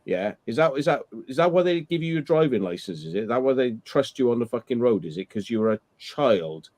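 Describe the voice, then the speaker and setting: A man's voice: mid-range voice, animated, quick pace, darkish tone. A man in a casual chat, ranting sarcastically and swearing often.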